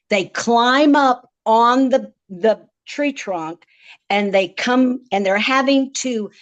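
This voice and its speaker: High-voiced woman retelling a close call. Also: muffled recording. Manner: vivid, emotional storytelling with frequent stammered repeats. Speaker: podcast guest. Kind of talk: recounting a personal story.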